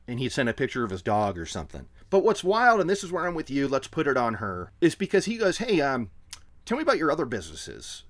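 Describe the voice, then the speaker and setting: Male comic podcast co-host, lively swooping delivery, voices other people for laughs. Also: medium pitch. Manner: animated, joking, mock-quotes people in voices. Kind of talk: casual comedic recap chat.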